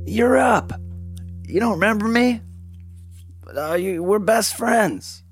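A man voicing a nervous, eager little male spider sidekick in an excitable, jittery voice. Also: sits high, slow pace, voice pushed up. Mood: nervous excited. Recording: loud guitar music behind. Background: guitar music.

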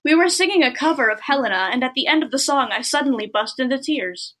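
A woman's voice: high voice, expressive, fast, a bit bright. A young woman co-hosting a casual comedy podcast, reading a story aloud with mock drama and teasing her friends. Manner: reads aloud with mock drama, self-mocking. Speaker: podcast co-host reading a fan fiction aloud.

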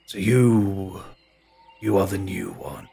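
A man voicing an ancient tree spirit who speaks slowly and solemnly. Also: low-pitched, creaky, mellow, slightly rough, faint music behind, full character voice. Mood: curious. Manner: very slow, ponderous, solemn.

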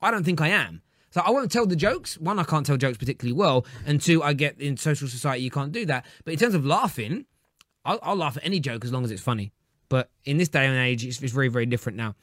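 A man hosting a casual podcast chat, loud and rambling with frequent restarts. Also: mid-range voice, lively intonation, quick pace, dry recording, studio quality. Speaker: podcast host.

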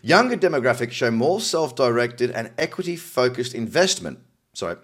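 A man's voice: medium pitch, big pitch swings, normal speed, slightly rough. A middle-aged Australian man casually reading out news articles and adding cynical, wry asides. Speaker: crypto news commentator.

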